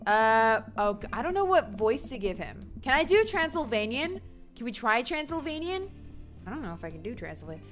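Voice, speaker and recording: A woman's voice: a little high, sing-song, a little fast, soft background music. A woman giving chatty, giggly let's play commentary and reading game text aloud. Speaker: game streamer.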